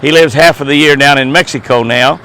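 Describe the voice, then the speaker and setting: A man's voice: medium pitch, a little fast, bright, forceful tone. An older man, hosting a folksy, chatty outdoor video chat beside his truck. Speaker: host.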